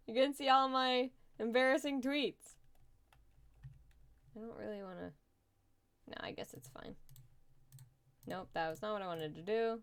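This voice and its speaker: Young woman streaming a game, smooth clear voice, chatty, laughs a lot. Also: a little high, lively intonation, normal speed, pauses often. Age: young adult. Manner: chatty, laughs often, thinks aloud while playing. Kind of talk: casual live gaming stream chat.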